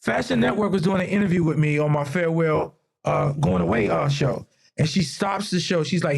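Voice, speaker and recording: A man's voice: on the high side, moderate pace. A man with a Mid-Atlantic American accent, a fashion designer guest on a podcast, telling stories in casual talk and acting out the voices of people he quotes. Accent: Mid-Atlantic US (DMV). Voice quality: gravelly, husky. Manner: animated storyteller, acts out quoted voices.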